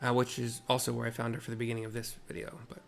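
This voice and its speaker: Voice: mid-range voice, monotone, racing, gravelly, faint music behind. A gamer casually narrating a story game and describing what is on screen, with offhand, self-mocking asides.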